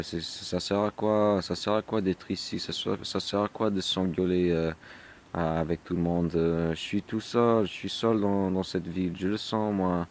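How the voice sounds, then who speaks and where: A French man talking in a casual video diary in English with a French accent, halting with many fillers and slipping into French. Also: sits low, steady tone, darkish tone, slight background noise. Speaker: vlogger.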